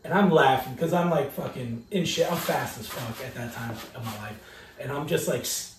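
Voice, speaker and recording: A young man co-hosting a podcast, telling crude, animated stories in a casual chat. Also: medium pitch, moderate pace, slight background noise. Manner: profane, animated storytelling with bursts of loud impressions. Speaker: podcast co-host. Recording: echoey room, mic at a distance.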